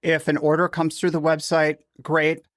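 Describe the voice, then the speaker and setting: A man hosting a podcast in casual chat, relaxed and joking. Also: fairly high pitch, moderate pace, no echo, studio quality. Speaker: podcast host.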